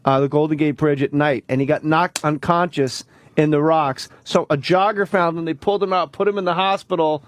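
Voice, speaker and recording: Man, high voice, profane comic storyteller, radio studio guest. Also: brisk. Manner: animated, swearing, acts out quoted voices. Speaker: comedian guest.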